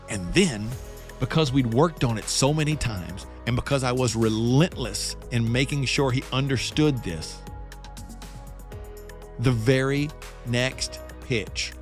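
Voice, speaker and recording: Middle-aged radio host telling a story. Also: male voice, mid-range voice. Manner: storytelling, animated and self-joking. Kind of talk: casual monologue.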